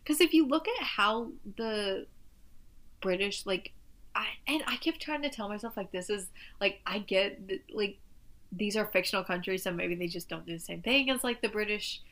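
A woman's voice: medium pitch, lively intonation, moderate pace, a bit bright. A woman talking casually about a movie, rambling and restarting sentences with lots of "like". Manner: rambling, self-interrupting, lots of "like". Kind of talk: casual chat reviewing a movie.

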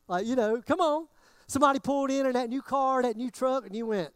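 High-voiced preacher with a drawl. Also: male voice, fast talker, clean tone, no echo. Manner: conversational preaching, acting out listeners' thoughts. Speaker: pastor. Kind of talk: sermon.

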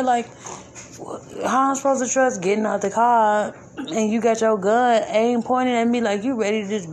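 A woman with a somewhat high-pitched voice hosts her own podcast, talking in loose, colloquial speech. She hammers her points home by repeating them with indignant emphasis. Faint ambient noise sits underneath her voice. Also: darkish tone. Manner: informal, colloquial grammar. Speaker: podcast host. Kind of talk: casual spoken commentary.

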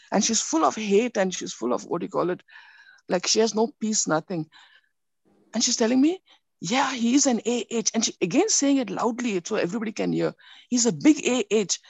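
A woman telling a personal faith story in a rambling, animated way, with many restarts. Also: mid-range voice, creaky, breathy edge, dry recording. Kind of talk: personal testimony.

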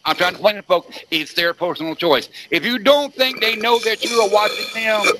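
A high-pitched man hosts a podcast and rants emphatically. His bright, forceful tone keeps pressing the same points, and he swears constantly. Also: a little fast, slight background noise. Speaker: podcast host. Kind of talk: profane ranting podcast chat.

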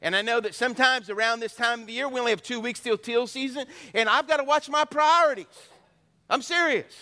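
A man's voice: very high-pitched, brisk, sharp tone. A middle-aged man preaching a sermon as pastor, folksy and joking, drawing answers from the congregation. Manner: folksy, joking storyteller with call-and-response.

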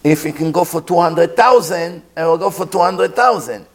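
A man giving a sermon as a rabbi, telling a story with pauses and acted-out sounds. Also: fairly high pitch.

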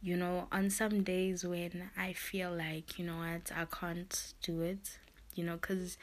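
Tearful, husky-voiced woman speaking slowly. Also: on the low side. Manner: tearful, heartfelt, many fillers like "you know" and "literally". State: close to tears. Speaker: podcast host. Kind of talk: emotional personal monologue.

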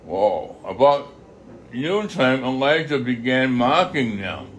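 A man reading a Bible passage aloud, halting often to repeat and correct his phrases. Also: mid-range voice, very animated, a bit bright, slight background noise. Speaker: scripture reader.

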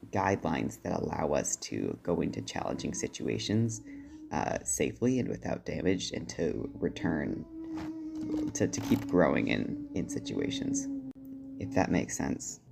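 A man with a very low, gravelly voice leaves a voicemail for a podcast. He speaks firmly and deliberately, and his pitch swings widely as he talks. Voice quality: deep. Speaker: voicemail caller. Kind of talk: recorded voicemail monologue.

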